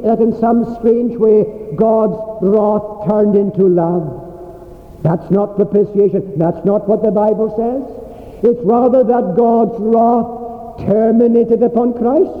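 A man preaching a sermon, slow and emphatic, with weighty pauses. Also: high voice. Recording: tinny phone-like sermon recording in an echoey hall.

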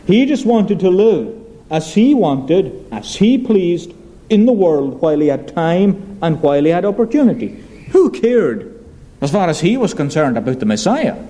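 A man's voice: high voice, dark tone, poor audio. A male preacher giving a sermon, emphatic, asking rhetorical questions and repeating key phrases.

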